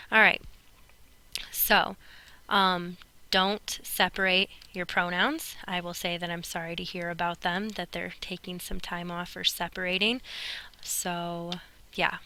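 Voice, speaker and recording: Bright-voiced woman teaching a class. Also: on the low side, vocal fry, low-quality recording. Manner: upbeat, chatty, addresses students directly. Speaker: Spanish teacher. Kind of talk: recorded classroom lesson narration.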